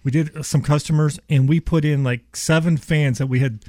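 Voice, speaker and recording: A man, an HVAC business owner making an enthusiastic radio sales pitch full of restarts. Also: fairly even intonation, normal speed, warm tone, no room sound, studio quality.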